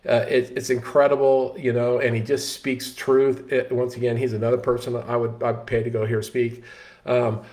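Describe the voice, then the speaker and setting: A man's voice: mid-range voice, normal speed. Man telling a story. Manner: animated storyteller, frequent restarts and "you know" fillers. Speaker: host. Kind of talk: casual storytelling talk.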